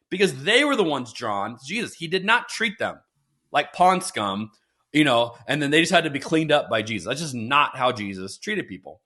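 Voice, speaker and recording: Podcast co-host, middle-aged man, earnest and lively, pitch swinging widely. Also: brisk. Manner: earnest, animated, quotes and mimics voices. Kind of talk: conversational theology podcast.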